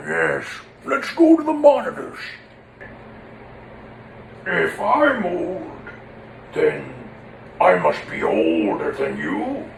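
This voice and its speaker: A man voicing an ancient, wise male foam creature, slow and amused, recorded in an echoey room. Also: sits high, exaggerated voice. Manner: slow, gravelly, amused and grand. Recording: echoey room with faint noise.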